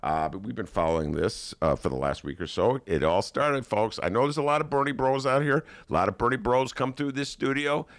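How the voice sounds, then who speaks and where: A man's voice: medium pitch, fairly quick, few pauses, dry recording. A man hosting a casual political talk podcast in a studio, jokey and hyping things up. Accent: Chicago. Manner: animated, jokey, hypes things up, does mock voices. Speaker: podcast host.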